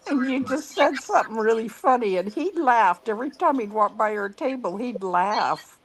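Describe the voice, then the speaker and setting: A woman's voice: fairly high pitch, expressive, normal speed, husky. A woman in casual chat, chiming in on a shared story, teasing and laughing. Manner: chimes in, teases, laughs.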